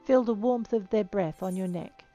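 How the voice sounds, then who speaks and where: A woman's voice: medium pitch, normal speed, dark tone, soft background music, close to an everyday voice. A woman reading out the lines of a gushing male farmer who dotes on his animals, in a theatrical, swooning way. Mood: doting.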